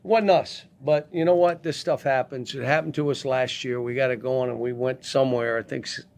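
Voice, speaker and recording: Older male head coach, gravelly, blunt and halting, speaking into a table mic at a post-game press conference. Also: mid-range voice, fairly even intonation, a little mellow. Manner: blunt, halting, frequent restarts.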